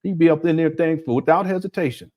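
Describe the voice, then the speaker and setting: Speaking at a quick pace in a fairly high voice, an older channel host offers casual reaction commentary. He mocks with animation and frequently bursts out laughing.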